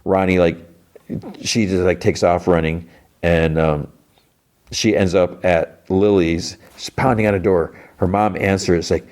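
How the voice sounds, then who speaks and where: A podcast host casually recaps a TV episode, retelling scenes and acting out lines of dialogue. His low voice is a little mellow, with fairly even intonation and a measured pace.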